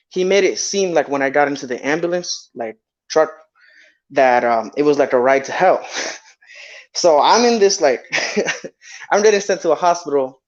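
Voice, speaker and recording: A young man telling a personal story in casual talk, rambling with many fillers and restarts. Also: on the high side. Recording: dull lo-fi sound.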